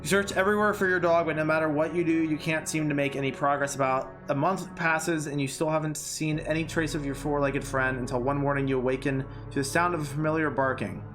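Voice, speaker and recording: A man's voice: fairly high pitch, steady tone, fast, hardly any pauses, music in the background. A young man streaming a game, chatting casually, reading its text aloud, swearing and reacting emotionally.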